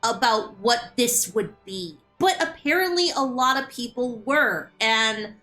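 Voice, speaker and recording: A woman's voice: fairly high pitch, a little slow, sharp tone. A woman streamer chatting casually and animatedly while playing a game, often repeating words as she starts a thought. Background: game music.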